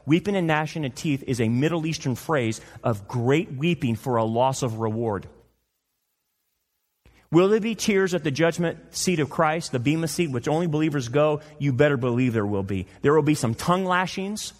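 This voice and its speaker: Emphatic preacher in a reverberant hall. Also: male voice, fairly high pitch, animated, moderate pace. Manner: emphatic, rhetorical questions, mocking quoted voices. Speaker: pastor. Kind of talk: sermon.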